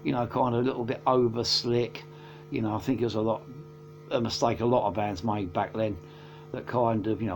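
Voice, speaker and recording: A man's voice: fairly low pitch, fairly even intonation, fairly quick, slight background noise. A man, casually reviewing albums from his collection, rambling with many fillers and self-corrections. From England. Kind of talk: casual chat.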